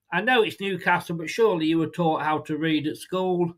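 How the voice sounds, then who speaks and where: A fairly quick, slightly high-voiced English host leads a fan channel's live football watchalong. Blunt and foul-mouthed, he reacts to the match with sarcastic exasperation and pokes fun at his chat.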